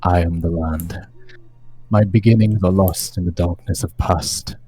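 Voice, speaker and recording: A man's voice: low-pitched, mellow, husky. A man reading aloud as an ancient, brooding male vampire lord, giving a solemn first-person diary account in a tabletop game.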